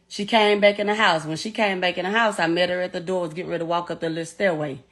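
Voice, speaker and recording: A woman's voice: on the low side, steady tone, quick pace, a bit bright. A middle-aged woman giving a personal account in an interview, talking bluntly and emotionally, with swearing and frequent repetition. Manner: emotional, blunt and profane, repeats herself as she recounts.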